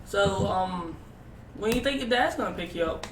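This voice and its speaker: A man's voice: high-pitched, lively intonation, normal speed, recorded from a distance. A man playing in a tabletop game, talking loosely and hesitantly. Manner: loose, hesitant talk with fillers. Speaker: player. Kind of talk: casual tabletop play. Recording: echoey room, off-mic, noisy.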